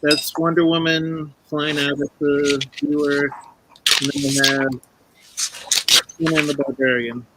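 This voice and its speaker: An easygoing man guesting on a live stream, talking plainly through his own artwork. His voice is a touch higher than most men's. Loud noise crowds the recording. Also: level tone, measured pace, long pauses. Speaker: guest artist. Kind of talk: casual chat.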